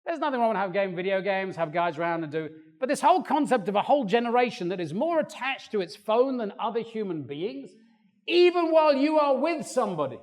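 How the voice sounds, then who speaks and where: An older man preaching a sermon in a church, animated and acting out quoted voices. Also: high-pitched, a little fast. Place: church hall. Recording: long reverb of a church hall.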